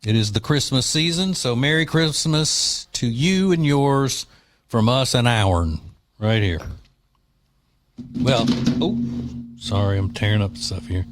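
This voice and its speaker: A man's voice: medium pitch, animated, slow, long pauses, a little hiss or hum. A man hosting a talk radio show, speaking in a loose, joking, opinionated way with plenty of fillers, recorded on a studio mic.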